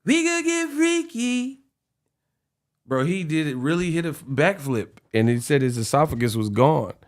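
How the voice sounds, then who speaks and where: A man's voice: mid-range voice, fairly quick. A young man giving casual boxing commentary, slangy and laughing often, calling listeners bro and y'all. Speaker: boxing vlogger.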